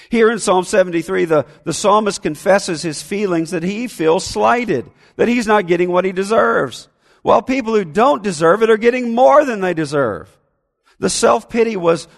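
A man preaching a sermon as pastor, animated and acting out whiny complaints. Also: high-pitched, gravelly, big-room sound. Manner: animated, acts out whining voices.

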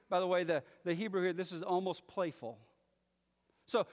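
A man preaching a sermon as pastor, emphatic and repeating his key phrases, slowing down when he reads scripture. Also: high voice, big-room sound.

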